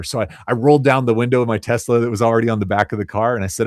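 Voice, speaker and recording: A man in his forties telling stories in an interview with earnest, animated energy. His voice sits at an ordinary pitch, and he stumbles over repeated words when excitement carries him along. The sound is dry and close, with no room echo. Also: very fast, few pauses. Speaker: interview guest, children's cartoon creator. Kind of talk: casual interview storytelling.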